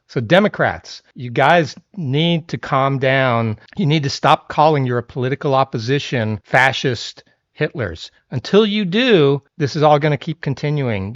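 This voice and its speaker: A man's voice: a little high, a bit bright, highs cut off. A man hosting a commentary channel, giving blunt, conversational political opinions.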